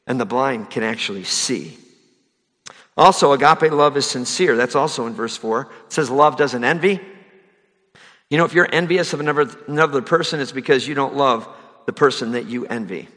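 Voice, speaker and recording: A man preaching a sermon as a pastor, rising to loud, emphatic high passages and dropping soft for key lines. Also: lively intonation, normal speed, big-room sound.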